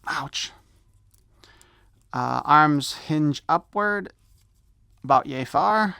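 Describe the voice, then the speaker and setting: A man's voice: fairly high pitch, lively intonation, drawn-out words, vocal fry, pushed and bright, smooth, no echo. Guy unboxing an action figure, chatty and all over the place, clean dry mic. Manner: rambling, self-correcting, easily sidetracked. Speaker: toy reviewer. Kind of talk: unboxing review.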